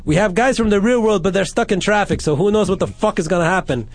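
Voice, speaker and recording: A man's voice: sits high, fast. A man hosting a radio call-in show, rambling and joking crudely with his studio crew. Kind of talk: loose profane radio banter.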